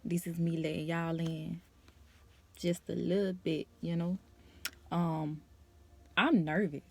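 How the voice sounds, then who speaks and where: A woman's voice: on the low side, flat delivery, takes it slowly, vocal fry, dark tone. A young woman vlogger speaking her personal testimony to camera, nervous and emotional, in a casual conversational way.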